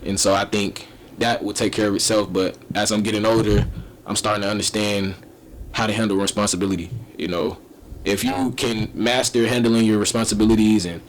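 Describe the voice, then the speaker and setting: A young man answers interview questions in an easygoing, casual way, often laughing and filling pauses. His voice sits a little low. A faint layer of noise runs underneath. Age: young adult. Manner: relaxed, easygoing, laughs often, many you-knows. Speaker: interview guest.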